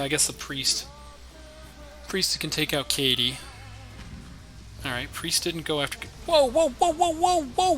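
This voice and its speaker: Guy streaming a card game, kinda high voice, chatty, thinks out loud, faint music under it. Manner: thinks aloud, chatty, talks to opponent and chat. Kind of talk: live game commentary.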